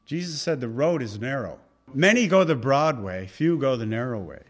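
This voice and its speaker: A man preaching a sermon. He fires off rhetorical questions, then drops suddenly to a hush. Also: medium pitch, expressive, moderate pace. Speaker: pastor.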